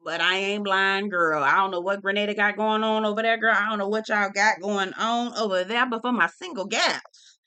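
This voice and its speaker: A sassy, teasing engaged woman drawls her lines slowly and pointedly, as a woman puts her on in a casual video. Her voice is bright and sharp. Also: mid-range voice, steady tone, smooth, lightly acted.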